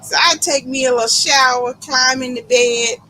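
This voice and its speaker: A woman with a bright, sharp voice tells her side of the story in fast, run-on casual chat. Her pitch sits a little high. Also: fairly even intonation, a little hiss or hum, low-quality recording.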